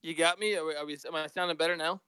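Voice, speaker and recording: A man calling in as a podcast guest on a cell phone with earphones, telling rambling, excitable stories. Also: a little high, rapid-fire, clean tone, no echo. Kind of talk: casual sports chat.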